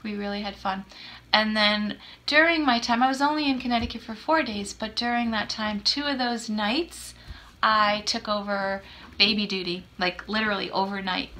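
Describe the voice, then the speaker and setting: A woman's voice: mid-range voice, normal speed, sharp tone. A woman in her fifties hosting a podcast, telling a personal story in a chatty, self-deprecating way and acting out the dialogue. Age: 50s. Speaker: podcast host. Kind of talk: casual storytelling chat.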